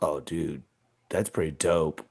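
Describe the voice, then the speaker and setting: A man with a deep gravelly voice, co-hosting a casual comedy podcast, swearing freely and riffing with laughs. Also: fairly even intonation, slow pace, a little mellow. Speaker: podcast co-host.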